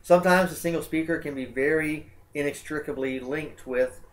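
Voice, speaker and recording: A man teaching a college English lecture over slides, talking in a relaxed, conversational way with frequent uh and um fillers. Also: on the high side, moderate pace.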